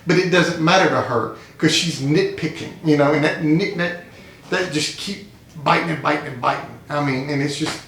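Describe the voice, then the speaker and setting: A man's voice: on the high side, moderate pace, a bit bright, slight background noise. Earnest man telling his story. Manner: earnest, storytelling, repeats phrases for emphasis. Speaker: support group member. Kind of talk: emotional personal testimony. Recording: echoey room.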